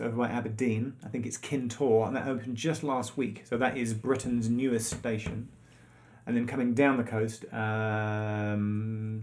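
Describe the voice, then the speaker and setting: A man's voice: on the low side, darkish tone. A man co-hosting a casual quiz night stream, chatty and self-mocking, rambling through facts. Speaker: quiz co-host. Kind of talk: casual live-stream chat.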